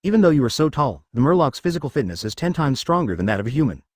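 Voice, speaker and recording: An earnest village guard chief speaks with a lively pitch, read by a man. The sound is dry and close to the mic. His warnings come in a steady storybook cadence. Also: quick pace, no room sound. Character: serious older male village guard chief.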